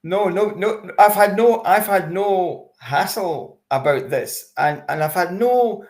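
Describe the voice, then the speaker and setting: Man from Scotland, fairly high and gravelly voice, chatty interview guest who stumbles and repeats himself. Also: lively intonation, slow pace, darkish tone. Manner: hesitant, repeats words, chatty storytelling. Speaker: interview guest, expat campaigner. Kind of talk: casual conversational interview.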